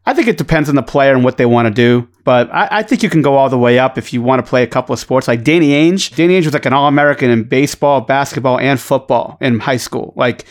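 A man's voice: medium pitch, fast talker, hardly any pauses. Joking man with a Boston accent. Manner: rambling, profane, joking. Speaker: podcast co-host, former basketball player. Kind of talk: casual podcast chat.

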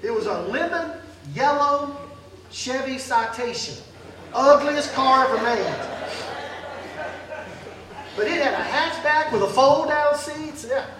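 Man, preacher, impassioned sermon, very high voice, slow, distant mic, roomy church echo, faint room hum. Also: lively intonation. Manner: impassioned, swings between loud calls and soft pleading. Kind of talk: emotional sermon. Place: large church hall. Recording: echoey hall from far off.

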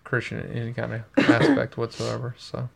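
A man's voice: mid-range voice, completely flat delivery, a little fast, vocal fry. Earnest man chatting on a podcast. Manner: earnest, reflective. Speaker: podcast co-host. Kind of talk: casual chat.

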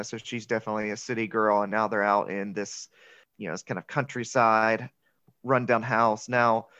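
A man's voice: mid-range voice, no echo. Brief: male podcast co-host, chatty film recap, dull dry lo-fi recording. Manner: chatty, laughs often, quotes lines in excited voices. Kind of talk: casual movie recap chat.

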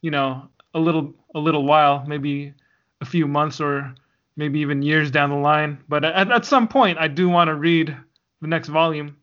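A man co-hosts a casual podcast, rambling between jokes with a bright, somewhat tense tone. His voice sits a little high, and the recording sounds dull and lo-fi. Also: steady tone, moderate pace. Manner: rambling, jokey, laughs often. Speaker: podcast co-host. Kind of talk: casual chat.

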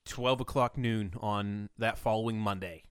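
A man's voice: lowish voice, fairly even intonation, unhurried, smooth, no echo, clean studio sound. A young man co-hosting a podcast in casual chat, speaking earnestly and often stumbling over and repeating words. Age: young adult. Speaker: podcast co-host.

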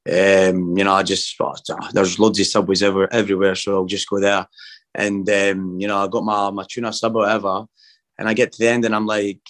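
A man's voice: lowish voice, fairly bright tone. A young Scottish man, a footballer, chatting casually in an interview, rambling and laid-back, calling everyone mate. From Scotland.

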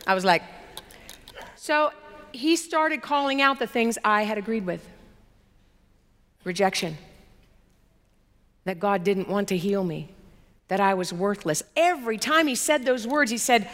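High-voiced woman preaching in an echoey hall. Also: unhurried, long pauses. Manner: animated storytelling with emphatic repetition. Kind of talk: sermon testimony.

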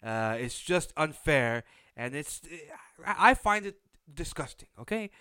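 Man, podcast host, opinionated, unsympathetic, clear smooth voice, dry close sound. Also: on the high side, big pitch swings, measured pace, bright, forceful tone, dry recording. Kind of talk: casual reality-show recap commentary.

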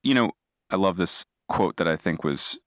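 A man's voice: low voice, expressive, normal speed, a bit bright, dry recording, studio quality. A man speaking as a podcast guest, explaining ideas in a thoughtful, digressive way with frequent restarts. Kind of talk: casual analytical discussion.

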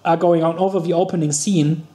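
Mellow, hesitant film chatter. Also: medium pitch, steady tone, brisk, roomy sound. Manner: hesitant, searches for names, many fillers. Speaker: podcast co-host. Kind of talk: casual chat about films.

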